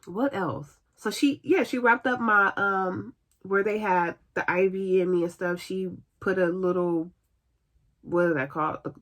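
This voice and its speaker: Chatty woman telling a storytime vlog. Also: mid-range voice. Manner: chatty and animated, acting out what others said. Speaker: vlogger telling a personal story.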